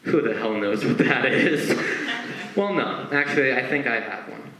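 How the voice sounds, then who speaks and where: A young man performs a stand-up comedy set in a chatty, conversational way, full of asides. His voice sits at a middle pitch but swings widely up and down. A roomy echo surrounds him. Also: moderate pace, crowd noise. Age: young adult. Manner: conversational, with frequent asides and lively acted quotes. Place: stage performance.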